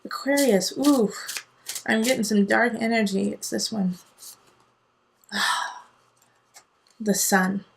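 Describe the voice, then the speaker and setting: A woman's voice: mid-range voice, takes it slowly, vocal fry, pauses often. A woman giving a casual tarot reading, talking in an earnest, digressive way that mixes encouragement with tough love. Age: adult parent. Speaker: tarot reader.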